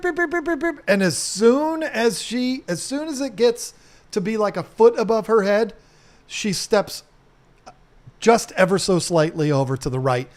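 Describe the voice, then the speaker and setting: A middle-aged man telling a casual story to camera as a home restoration vlogger, animated, swearing casually and mimicking sounds. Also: high voice.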